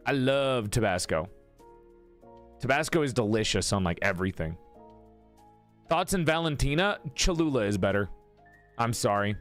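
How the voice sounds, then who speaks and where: A man's voice: mid-range voice, fairly bright tone. A man streaming, chatting casually with his viewers, joking and teasing as he reads their messages aloud and answers.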